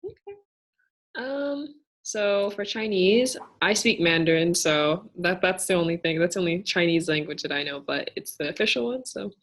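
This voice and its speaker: Young woman w a lowish voice, hesitant, lots of ums, explaining stuff patiently. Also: expressive, moderate pace. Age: young adult. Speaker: student cultural navigator. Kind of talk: casual Q&A answers.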